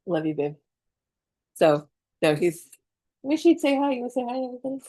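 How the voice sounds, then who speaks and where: A woman's voice: a little high, sing-song, a little fast, warm tone, no echo. A middle-aged woman teaching a spiritual class in a chatty, confessional way, swearing freely and acting out her own panics. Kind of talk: casual online class talk.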